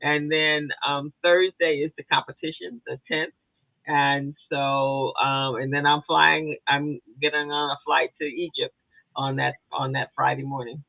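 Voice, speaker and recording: A woman's voice: deep voice, flat delivery, measured pace, vocal fry, no room sound. A woman co-hosting a casual podcast chat, rambling and chatty, with many fillers and restarts. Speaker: co-host. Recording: tinny phone-like dry sound.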